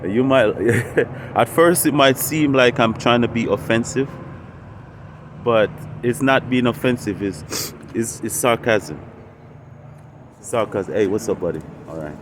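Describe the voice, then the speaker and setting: A man's voice: medium pitch, unhurried, long pauses, background noise. A man hosting a spiritual channel, talking unscripted and meandering, often repeating and restarting phrases. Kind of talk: unscripted casual monologue.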